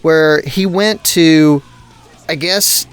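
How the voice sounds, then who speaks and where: A man's voice: on the high side, very slow, clear, resonant tone. A man hosting a podcast, telling stories in a rambling, profane and exasperated way. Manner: rambling, swears constantly, exasperated rants. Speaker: podcast host. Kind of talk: profane casual storytelling.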